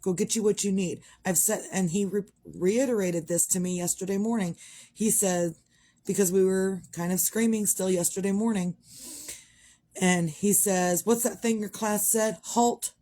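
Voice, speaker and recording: A woman's voice: mid-range voice, fairly even intonation, moderate pace, mellow. A middle-aged woman, talking frankly in a rambling, casual monologue and swearing freely. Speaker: vlogger.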